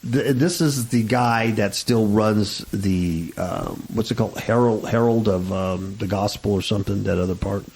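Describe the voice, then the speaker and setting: A man's voice: fairly low pitch, normal speed, hardly any pauses, a little mellow, a little hiss or hum, low-quality recording. A man hosting a radio talk show, chatting casually in a sarcastic, mocking way. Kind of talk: casual chat.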